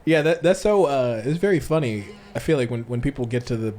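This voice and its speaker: Young man, lively pitch, chatty co-host, laughs easily. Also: a little fast, soft background music. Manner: animated, laughs often. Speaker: podcast co-host. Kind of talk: casual chat.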